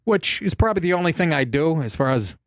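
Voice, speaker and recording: A man hosting a talk radio show, his voice pitched a little high and swinging widely as he talks. He is blunt, profane and sardonic. The studio sound is dry and close. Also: sing-song, fast talker, dry recording. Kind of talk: casual talk radio chat.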